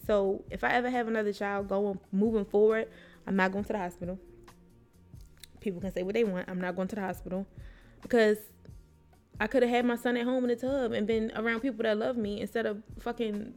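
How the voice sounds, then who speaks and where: A young woman co-hosting a podcast, speaking in a frank, unfiltered way. She swears freely and slips into quick impressions of the people in her story. Faint music plays underneath. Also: medium pitch, fairly even intonation, a little mellow. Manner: blunt, swears freely, acts out quotes of nurses and herself. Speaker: podcast co-host. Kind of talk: candid personal storytelling.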